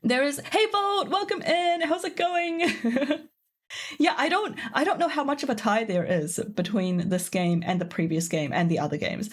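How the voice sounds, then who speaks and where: A woman's voice: high-pitched, normal speed. A young woman streaming a game, chatting casually with viewers in a rambling, giggly way full of fillers. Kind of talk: casual live-stream chat.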